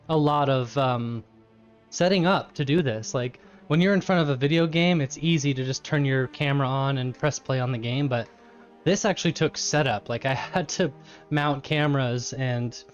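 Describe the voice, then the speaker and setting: A man's voice: medium pitch, normal speed, dull audio, faint music behind. A man live-streaming from his home kitchen, chatting casually with his chat, laughing often and eating as he talks.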